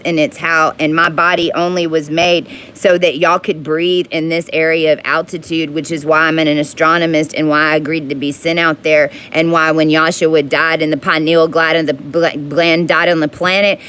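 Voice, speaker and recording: A woman in an angry, profane monologue to her viewers, rising into yelling. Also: low voice, smooth.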